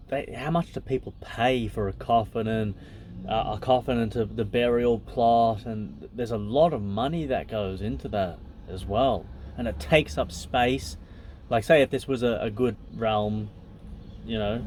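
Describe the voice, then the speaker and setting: A man reading passages from a text aloud and pausing to muse on them in a loose, casual way, with fillers and asides. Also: fairly low pitch, a little mellow, a little hiss or hum. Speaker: podcast host.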